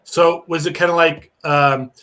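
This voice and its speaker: A man's voice: a little high, fairly even intonation, a little slow, bright, forceful tone. Chatty guest man with a slightly raised voice. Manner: chatty, reminiscing. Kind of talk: casual chat.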